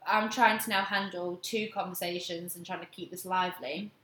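A young woman casually telling a story on a chat show, animated and laughing often. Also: on the low side, normal speed. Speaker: podcast co-host. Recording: echoey room.

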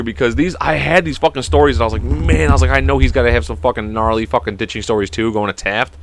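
A young man hosting his own podcast, telling high school stories in a rambling, profane way and laughing at them. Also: fast talker, hardly any pauses. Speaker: podcast host. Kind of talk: casual storytelling monologue.

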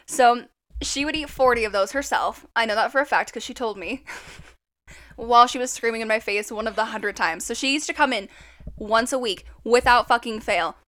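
Young woman telling stories, swearing freely. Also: fairly high pitch. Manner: swears freely, animated storytelling. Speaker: podcast co-host. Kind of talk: casual podcast chat.

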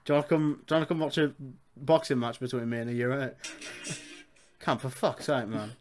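A young man with a Birmingham accent hosting a casual podcast, talking fast, swearing and laughing with his co-host. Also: medium pitch, soft background music. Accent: Birmingham English. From Birmingham, England. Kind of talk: casual chat.

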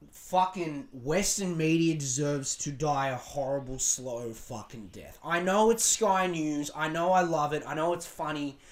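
A podcast host with an Australian accent delivers a crude, sarcastic rant packed with swearing. His voice sits a little high and has a fairly bright tone, and the talk is profane ranting commentary.

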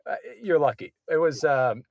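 A man's voice: fairly high pitch, normal speed, dry recording, dull audio. A man in a casual chat, telling long rambling anecdotes that keep restarting, and punching up the quoted lines. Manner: rambling, self-interrupting anecdotes with loud acted quotes. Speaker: guest comedy writer.

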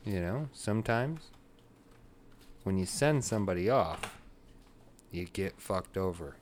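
A man's voice: sits low, animated, slow pace, a little hiss or hum. A man hosting a podcast in casual, crude, joking banter, recorded in one big echoey room. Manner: crude joking, bursts into loud laughter. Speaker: podcast host.

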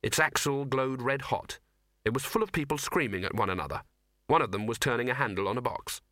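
A man reads a comic fantasy novel aloud with wry, expressive timing. His voice is bright and forward, and the studio sound is completely dry, with no room around it. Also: mid-range voice, brisk, no echo. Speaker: audiobook narrator. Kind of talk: scripted narration.

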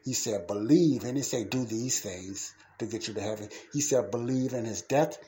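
A man hosting his own podcast, talking in a fervent, repetitive way that moves between heated ranting and quiet, earnest preaching. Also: medium pitch, moderate pace, slight background noise. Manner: fervent, repetitive, shifts from ranting to soft pleading. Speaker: podcast host. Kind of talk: casual preaching monologue.

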